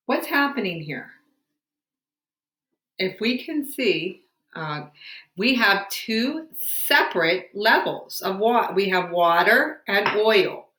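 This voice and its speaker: Bright-voiced woman teacher in an echoey room. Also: mid-range voice, lively intonation, unhurried. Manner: patient, encouraging classroom questioning. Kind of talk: home science lesson to students. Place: home room.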